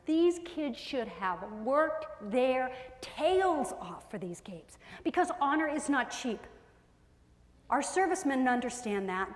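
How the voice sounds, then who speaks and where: A woman with a high voice delivers a parenting talk to a live audience, animated and expressive, slipping into voices of parents and children. The sound is roomy, with a long reverb tail from a large hall. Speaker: parenting speaker.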